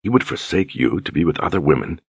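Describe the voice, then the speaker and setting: An earnest young lord who talks plainly and humbly, as the narrator reads him. The voice is very deep and husky, close to the mic in a dry, dead space. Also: male voice, lively intonation, fast talker, dry recording, heavily acted. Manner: earnest and apologetic.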